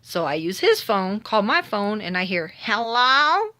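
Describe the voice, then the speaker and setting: A woman's voice: mid-range voice, normal speed. A woman tells a story from her own day in a casual monologue. Her voice rises and falls a lot as she plays out each exchange, with a dry, exasperated humor running through the telling. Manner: animated, dramatic retelling with voiced quotes; wry and exasperated.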